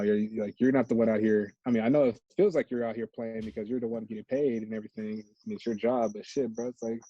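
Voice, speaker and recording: American man in his thirties, mellow husky voice, slangy animated talk, dull dry lo-fi recording. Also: lowish voice, dry recording. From United States. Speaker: podcast guest, former college football player. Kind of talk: casual chat.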